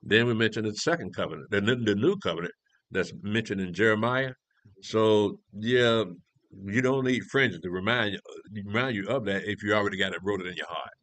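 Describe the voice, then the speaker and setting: Low-voiced man teaching scripture. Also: fairly quick, fairly bright tone, no room sound. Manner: conversational, restarts often, asks rhetorical questions. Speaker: elder teaching a prophecy class.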